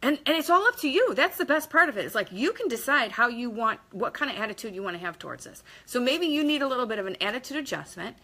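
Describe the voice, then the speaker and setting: A woman's voice: a little high, big pitch swings, quick pace, hardly any pauses, pushed and bright. A woman giving a casual motivational talk to camera, emphatic and blunt, with mild swearing and quotes acted out in different voices. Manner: acts out quotes in varied voices. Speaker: motivational vlogger.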